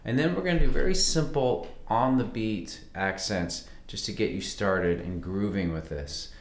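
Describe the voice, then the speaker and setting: A man teaching a fiddle lesson in a relaxed, conversational way. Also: fairly low pitch, normal speed. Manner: relaxed, conversational, counts beats aloud. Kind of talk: casual music lesson. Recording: roomy sound with fiddle playing.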